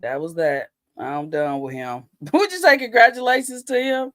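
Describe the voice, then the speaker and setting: A man hosting a livestream in a loose, profane, chatty way. His voice sits a little high for a man. It comes through dry and close, with no room sound. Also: normal speed, fairly bright tone, no echo. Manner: loose, profane, talks straight to chat. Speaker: livestream host. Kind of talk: casual livestream chat.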